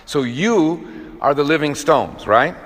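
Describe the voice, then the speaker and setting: A man's voice: fairly high pitch, animated, takes it slowly, fairly bright tone. A man preaching a sermon to a group of men, emphatic, with frequent restarts and acted-out quotes. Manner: emphatic, repetitive restarts, acts out quoted voices. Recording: long hall reverb.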